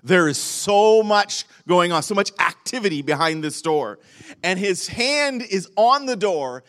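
High-voiced man preaching conversationally. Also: animated, measured pace, fairly bright tone. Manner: conversational preaching with frequent restarts and rhetorical questions. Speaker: pastor. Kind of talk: sermon.

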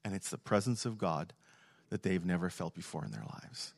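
A man's voice: low-pitched, very animated, moderate pace, gravelly, dry recording. Middle-aged man, pastor, emphatic repetitive sermon delivery, dry close sound. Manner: emphatic, repeats phrases for stress. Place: church service.

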